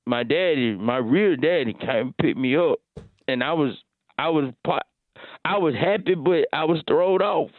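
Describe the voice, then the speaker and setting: A man's voice: on the high side, normal speed, dry recording. A man in his thirties telling a hesitant story on a call. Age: 30s. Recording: tinny phone line.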